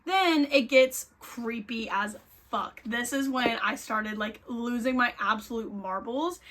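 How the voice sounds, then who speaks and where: A young woman recaps a creepy novel in casual, excitable chat. Her voice sits a touch high, and she swears freely and scatters filler words as she gets worked up. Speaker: book reviewer.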